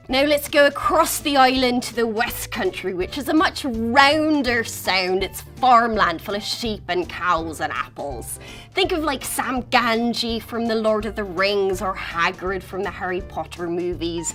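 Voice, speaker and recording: A woman's voice: mid-range voice, lively intonation, a bit bright, faint music behind. A woman with a Received Pronunciation accent, hosting and chatting playfully about accents. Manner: chatty, playful, quick switches into character voices. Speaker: host. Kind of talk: presenting and demonstrating accents.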